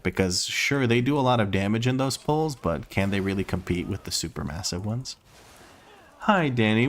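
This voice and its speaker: A man streaming a game, chatting casually and playfully, thinking aloud and laughing often. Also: lowish voice. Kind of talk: casual live-stream chat while gaming. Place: home room.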